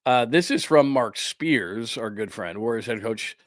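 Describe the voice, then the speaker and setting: A man hosting a sports talk show from a studio, talking casually and ranting with animated indignation. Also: mid-range voice, unhurried, dry recording.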